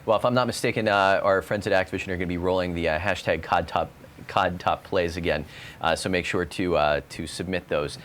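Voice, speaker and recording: A man's voice: low voice, steady tone, a little fast, a bit bright, slight background noise. A man presenting a game livestream, upbeat and announcer-like as he wraps up. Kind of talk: scripted broadcast sign-off.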